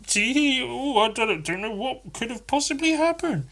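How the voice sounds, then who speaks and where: A man's voice: very high-pitched, big pitch swings, moderate pace, fairly bright tone, pitched above the performer's own voice, exaggerated voice. A man voicing a smug boy who pretends to be innocent, in a mock-innocent, airy tone. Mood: feigned innocence.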